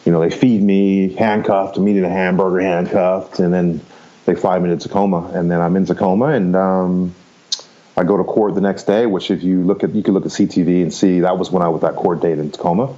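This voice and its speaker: A man's voice: low voice, steady tone, a little fast, warm tone, highs cut off. A man in his fifties, a podcast guest candidly recounting his life in a rambling, frank way, swearing casually and laughing easily. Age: 50s. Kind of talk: candid storytelling interview.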